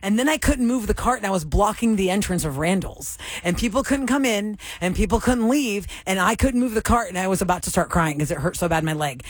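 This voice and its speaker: A woman co-hosting a radio talk show tells a story with lively, dramatic emphasis. Her voice sits at a middle pitch and sounds close and dry in a studio. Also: a little fast, few pauses, no echo. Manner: animated, dramatic retelling. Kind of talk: casual chat, storytelling.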